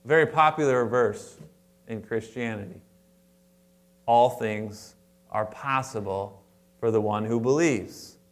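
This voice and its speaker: Guy preaching at church, chatty, keeps restarting, then gets loud and punchy on key words. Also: slow pace, long pauses. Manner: conversational preaching with frequent restarts and asides; animated, stressing words with sudden louder higher bursts. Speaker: pastor. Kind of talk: sermon. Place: church sanctuary before a congregation.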